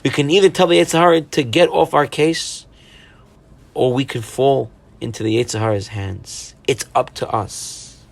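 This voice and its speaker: A man's voice: mid-range voice, creaky. A man, a rabbi, delivering a weekly Torah-portion sermon, earnest, with rhetorical questions and Hebrew religious terms.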